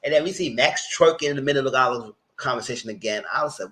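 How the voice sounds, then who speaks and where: A man's voice: mid-range voice, fast, hardly any pauses, pushed and bright. A man hosting a reality TV recap, retelling scenes in a loose, rambling way with quoted asides. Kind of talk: casual recap commentary.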